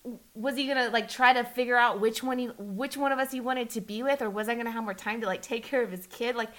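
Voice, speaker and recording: A woman talking candidly in a casual conversation, restarting often and acting out quoted lines with a lifted voice. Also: fast talker. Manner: animated, acts out quotes with rising pitch, restarts often.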